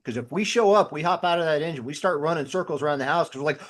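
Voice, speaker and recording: A man's voice: fairly high pitch, quick pace, fairly bright tone. Man telling stories with energy. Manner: storytelling, acts out his own inner voice in quotes. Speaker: guest, former firefighter. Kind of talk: casual conversational podcast talk.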